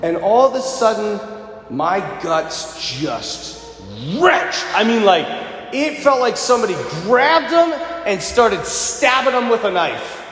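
A man telling an animated personal anecdote, retelling it dramatically with shouted bursts. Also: sits high, slow. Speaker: storyteller. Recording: roomy hall with long reverb.

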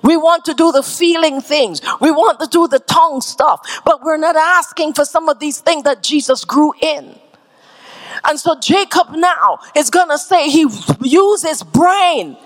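A woman pastor preaches with a high, ringing voice. She drives her points home through repetition and rises into shouted climaxes. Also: unhurried. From Canada. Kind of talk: sermon.

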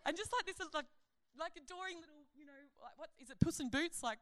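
A woman giving a sermon at a conference, chatty and animated, joking and laughing at her own stories. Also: high-pitched, fast talker. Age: adult. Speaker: conference speaker, pastor.

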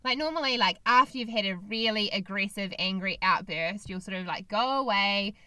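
A woman's voice: medium pitch, normal speed, sharp tone, no echo. A woman co-hosting a casual chat podcast, talking in an earnest, reflective and opinionated way.

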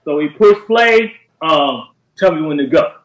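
Brief: male producer guest, slightly high voice, lively storyteller, echoey room. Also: a little slow. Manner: animated, acts out quotes with shouted voices. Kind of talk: casual storytelling interview. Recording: roomy echo.

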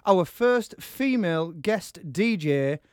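A man hosting a dance-music radio show, bantering excitedly and shouting his praise. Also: high voice, takes it slowly, clean tone, dry recording, clean studio sound. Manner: exuberant, loud shouts of praise.

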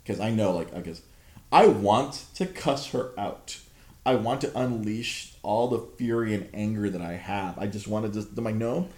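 A man's voice: on the low side, moderate pace, a little mellow. A man in his thirties hosting a podcast, telling an exasperated, profanity-laced story in casual chat. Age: 30s. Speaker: podcast host. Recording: roomy echo.

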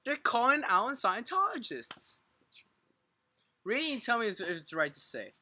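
A man's voice: extremely high pitch, moderate pace. A man co-hosting a podcast, joking and swearing, speaking thickly and running his words together. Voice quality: thick, mumbled articulation. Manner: excitable, swears a lot, laughs often. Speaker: podcast co-host. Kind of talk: casual podcast banter.

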